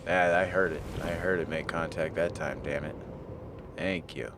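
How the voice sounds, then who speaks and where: A man's voice: rumbling low, steady tone, moderate pace, background noise. A man streaming a game live, joking with his chat, swearing at misses and reading item text aloud. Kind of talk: live gameplay commentary.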